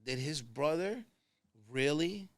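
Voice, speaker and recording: Animated New man telling stories. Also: a little high, slow pace. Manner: animated storyteller, acts out quoted people. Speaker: podcast guest, construction consultant. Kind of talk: casual conversation.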